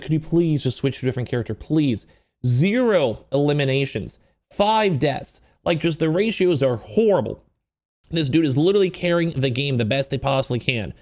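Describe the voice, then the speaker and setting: A man's voice: fairly high pitch, darkish tone. A man hosting casual drama commentary, talking in a rambling, emphatic way full of fillers.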